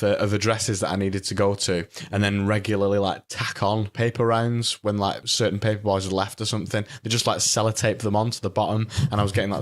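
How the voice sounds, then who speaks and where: A young man with a fairly low voice, sounding grumpy and deadpan through loose podcast banter. His delivery is flat and matter-of-fact. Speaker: podcast co-host. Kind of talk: casual comedic banter.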